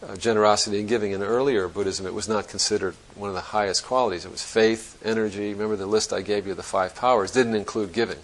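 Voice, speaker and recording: A man's voice: lowish voice, steady tone, quick pace, few pauses, slight background noise, low-quality recording. A man giving a Zen dharma talk to students, thinking aloud in a reflective, conversational way and often restarting his sentences. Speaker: Zen teacher.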